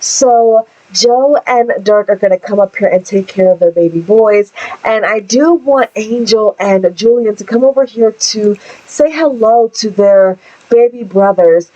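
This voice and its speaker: A woman's voice: mid-range voice, measured pace, mellow, lo-fi sound. A young woman hosting a let's play, giving chatty, giggly commentary on her game. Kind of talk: casual gameplay commentary.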